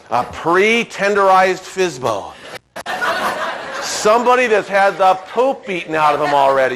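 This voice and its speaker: A middle-aged man, leading a real estate sales seminar, brash and loud, firing questions at the audience and shouting for emphasis. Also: on the high side. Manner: brash, rapid-fire, shouts for emphasis, asks the room questions. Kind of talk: live seminar talk to an audience.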